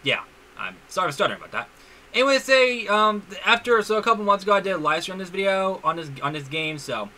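Excitable young man, bright voice. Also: sits high, quick pace. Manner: excitable, stumbling restarts. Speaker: gaming YouTuber. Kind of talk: casual gameplay commentary.

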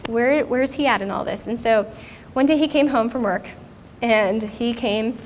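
A woman's voice: fairly high pitch, moderate pace, slight background noise. A woman in her thirties speaking at a conference, telling a personal story in an earnest, reflective way. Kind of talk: personal testimony talk. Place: conference stage.

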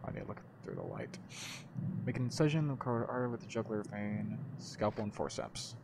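A man playing a horror game and commenting casually, joking and breaking into dramatic shouts. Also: fairly low pitch, wildly swooping pitch, a little fast, vocal fry, noisy background. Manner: jokey, bursts into dramatic shouts. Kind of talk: casual let's-play commentary.

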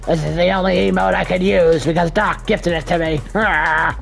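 A gamer in casual gameplay commentary, loud and profane, joking and bantering. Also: mid-range voice, fairly even intonation, normal speed, creaky, few pauses, soft background music.

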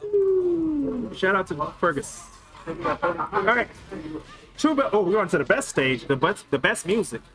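Hype esports caster, lively pitch. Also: male voice, normal speed, long pauses, rough recording. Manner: hype, joking, swings between shouting and mumbling. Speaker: esports commentator. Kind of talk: excited tournament commentary. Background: game music.

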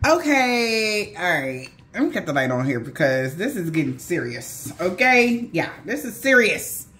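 Excitable woman reading tarot cards. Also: fairly low pitch, a little slow, a little hiss or hum. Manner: excitable, gasping and exclaiming. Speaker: tarot card reader. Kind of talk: casual spiritual tarot reading.

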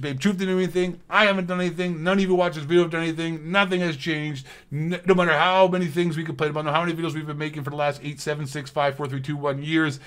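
A man with a fairly high voice rants straight to camera as a gaming commentator. His delivery is profane and heated, full of sarcastic jabs and repeated phrases. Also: a bit bright. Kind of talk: ranting video commentary.

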